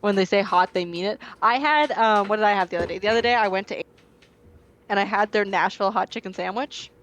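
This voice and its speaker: A woman hosting a live stream in a casual, playful way. Her voice sits at an ordinary middle pitch, and she keeps up relaxed banter with her audience. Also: quick pace. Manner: relaxed, playful, chuckling asides to chat. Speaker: streamer host. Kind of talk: casual chat.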